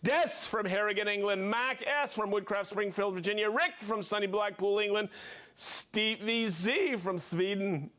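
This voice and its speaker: A man hosting a live stream, upbeat, reading off viewer names and places with quick friendly asides. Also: high-pitched, a bit bright. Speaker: livestream host.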